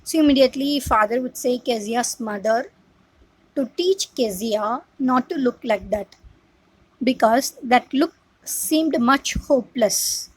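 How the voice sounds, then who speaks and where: Slow, breathy woman teacher. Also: on the high side, dry recording, poor audio. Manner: slow, with many "uh" pauses, speaks to the class as "our" and "we". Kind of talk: classroom story explanation.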